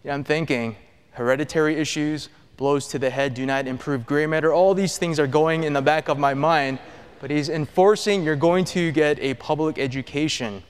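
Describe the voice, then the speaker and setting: A middle-aged man giving an earnest personal testimony to an audience, his voice dropping low and soft on painful memories. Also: normal speed, clean tone. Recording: long hall reverb.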